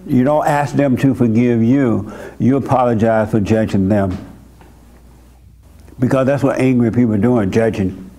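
Guy running a church session, mellow warm voice, keeps firing short questions at the caller, blunt and insistent. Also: medium pitch, creaky. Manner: direct and insistent, repeats words for emphasis; asks short pointed questions. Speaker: church host counseling a young caller. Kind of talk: blunt counseling conversation.

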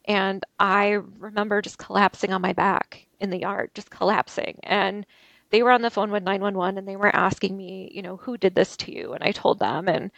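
A woman telling an interview host about a violent attack she survived, talking haltingly with many restarts. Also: medium pitch, steady tone, vocal fry, fairly bright tone, no room sound. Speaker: interview guest. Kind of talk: recounting a personal ordeal. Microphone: video call.

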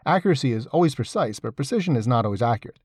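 A man's voice: medium pitch, expressive, racing, a little mellow, breathy edge, dry recording. A man reading his own essay aloud, with wry, sardonic asides and an emphatic delivery. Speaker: essay reader.

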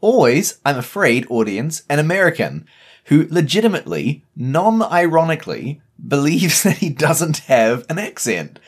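A man's voice: fairly high pitch, very animated, normal speed, breathy edge. A man with a New Zealand accent, co-hosting a podcast in a casual, emphatic discussion. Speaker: podcast co-host.

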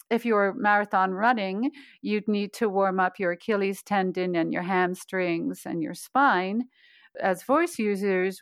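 A woman's voice: medium pitch, no echo. A woman voice coach guiding exercises patiently, demonstrating hums and chants. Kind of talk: guided voice exercises.

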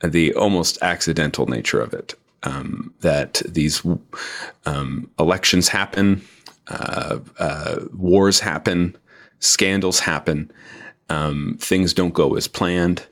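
A man in his forties, a book author being interviewed, speaking in a measured way with frequent hesitations and fillers. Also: low-pitched, fairly bright tone. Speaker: author guest. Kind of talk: interview conversation.

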